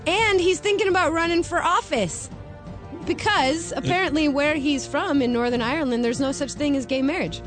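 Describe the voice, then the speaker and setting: A woman's voice: sits high, moderate pace, over music. A woman co-hosting a radio show, chatting casually and reading entertainment news. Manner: chatty, reads entertainment news, laughs easily. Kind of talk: casual morning show banter.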